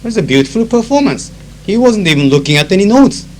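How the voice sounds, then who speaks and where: On an old tape with a faint hum and poor audio, a Japanese-accented conference interpreter records a spoken diary. His voice is high, very animated and quick as he chats through anecdotes packed with fillers, switching into Japanese to explain phrases.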